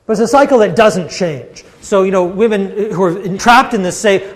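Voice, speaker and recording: A man giving a university lecture in a classroom, animated and acting out the quoted voices. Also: high-pitched, brisk, long reverb tail. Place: lecture hall.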